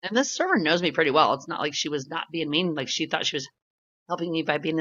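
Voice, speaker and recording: A talkative woman co-host in easygoing podcast chat. Her voice sits a little low yet sounds bright and forward, and she laughs easily. The recording is somewhat muffled and lo-fi. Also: lively intonation, fast, husky. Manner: chatty, laughs often, retells stories with quoted voices. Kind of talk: casual chat.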